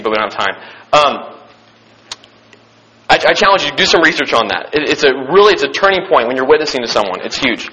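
A young man preaching a sermon, reading scripture and stressing key points with excitement and repetition. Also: on the high side, poor audio. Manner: emphatic and excited, repeating key phrases; frequent restarts and fillers.

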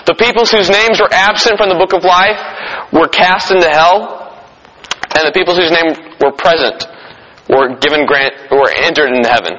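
Bright, husky preacher in an echoing hall. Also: male voice, sits high, moderate pace, muffled recording. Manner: conversational, jokes with the audience. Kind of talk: sermon.

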